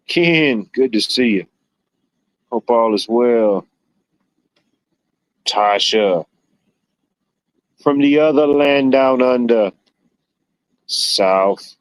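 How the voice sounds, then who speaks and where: A man's voice: mid-range voice, dry recording, poor audio. A man hosting a livestream, chatting casually, rambling and joking with viewers. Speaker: livestream host. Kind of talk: casual chat reading viewer comments.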